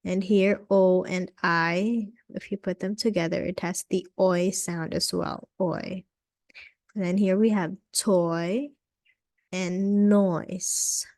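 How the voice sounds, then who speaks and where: A woman teaching English vowel sounds in a slow, patient lesson, repeating each sound and saying "okay" often. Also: on the low side, steady tone, darkish tone, dry recording, clean studio sound.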